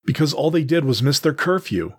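A man's voice: on the high side, animated, a little fast, slightly rough, pitched above the performer's own voice. A man voicing a young male feline exile who answers in a wavering, defiant voice. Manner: wavering, pleading outbursts.

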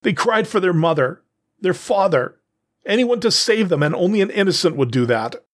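A man's voice: mid-range voice, lively intonation, normal speed, slightly rough. A man voicing a young male feline exile who answers in a wavering, defiant voice. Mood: anguished. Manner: wavering, pleading outbursts.

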